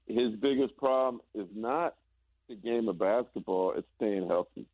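A man's voice: fairly low pitch, measured pace, no room sound. A man, a former basketball player, chatting casually and telling stories with stammering restarts. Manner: relaxed storytelling, stammering restarts. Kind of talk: casual chat. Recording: tinny phone-like line.

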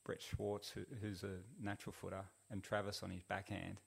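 A middle-aged man, a podcast guest telling a long story in a relaxed, rambling way full of fillers. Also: low-pitched, moderate pace, vocal fry, husky. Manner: rambling, laid-back, lots of fillers. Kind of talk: casual storytelling.

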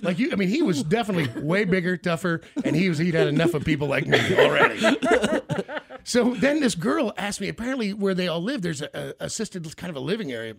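Animated gravelly middle-aged man telling stories. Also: high voice, fast. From Kansas City area. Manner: animated storyteller, acts out quoted voices loudly. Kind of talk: casual storytelling chat.

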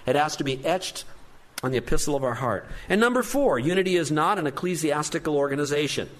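A man's voice: fairly high pitch, lively intonation, quick pace. A man preaching a sermon as pastor, earnest and emphatic, with rising stresses on key points.

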